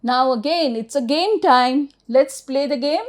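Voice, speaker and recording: A middle-aged woman with an Indian accent teaches children English phonics, spelling every word letter by letter and answering the questions she poses. Her voice is high-pitched and a touch slow.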